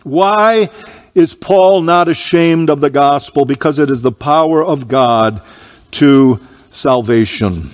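In a church with big-room acoustics, a man with a voice on the high side preaches a sermon. He reads scripture with slow, emphatic stresses and clears his throat now and then because of allergies.

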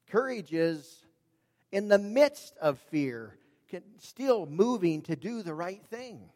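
A man preaching a sermon, earnest and emphatic, dropping his voice low and raising it for emphasis. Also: lively intonation, slow, darkish tone. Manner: earnest, emphatic, varies volume for drama. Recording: long reverb of a large hall.

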